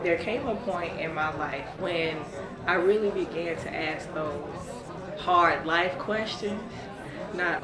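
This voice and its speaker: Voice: mid-range voice, unhurried, reverberant, music in the background. A speaker sharing a reflective personal testimony, emphatic in places.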